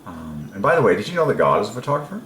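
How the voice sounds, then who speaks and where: A man's voice: fairly low pitch, very animated, racing, a bit bright, echoey room, slight background noise. A man giving a casual devotional lecture as a video host, marvelling and laughing often, with repeated okays. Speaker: religious numerology video host.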